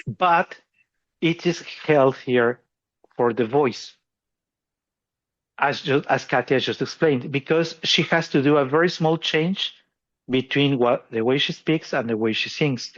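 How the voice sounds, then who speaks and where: A man's voice: medium pitch, a little slow. Self-mocking man with a lo-fi sound. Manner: laughs often, self-deprecating. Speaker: podcast co-host. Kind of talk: casual explanatory chat.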